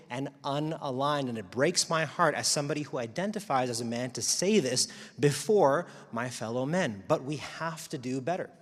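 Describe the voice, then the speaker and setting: A man gives a talk to a crowd, his voice carrying through a large hall with a long echo. He speaks at a middle pitch, in an animated and wry way, with strong emphasis. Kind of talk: live talk to an audience. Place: large auditorium.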